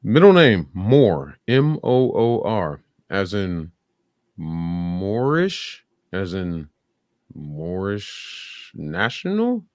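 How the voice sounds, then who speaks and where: A man's voice: deep voice, big pitch swings, extremely slow, darkish tone, no room sound, studio quality. A man giving blunt, sarcastic live reaction commentary, swearing freely. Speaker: streamer reacting to videos.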